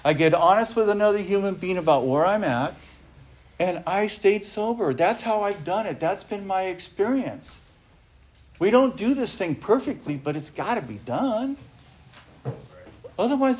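Earnest man giving a recovery talk, slightly high. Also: animated, measured pace. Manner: earnest, emphatic, asks rhetorical questions. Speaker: recovery speaker.

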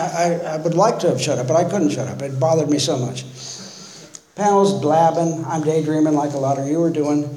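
A man's voice: mid-range voice, darkish tone. A man sharing his own recovery story at a meeting, wry and self-mocking, acting out what he thought back then. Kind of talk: personal recovery talk. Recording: echoey room with faint noise.

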